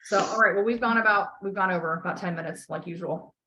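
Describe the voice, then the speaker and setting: A woman's voice: lowish voice, quick pace, noisy background. A woman life coach on a call, talking bluntly and emphatically, swearing often and repeating key phrases to encourage her client.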